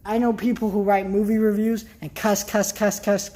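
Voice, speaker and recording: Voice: mid-range voice, flat delivery, moderate pace, few pauses, warm tone. An upset vlogger talks straight to the camera in a loose, casual rant. The delivery is worked up and blunt, with mild swearing. Thoughts trail off into heavy sighs.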